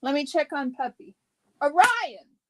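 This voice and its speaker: A woman's voice: on the high side, slow, a bit bright, dry recording. A woman hosting a casual livestream, chatting and greeting viewers by name. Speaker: livestream host.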